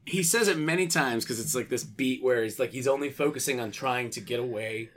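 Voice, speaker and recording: A man's voice: mid-range voice, brisk, fairly bright tone. A man co-hosting a podcast, chatting casually about award nominees and sometimes mimicking actors' lines. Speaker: podcast co-host.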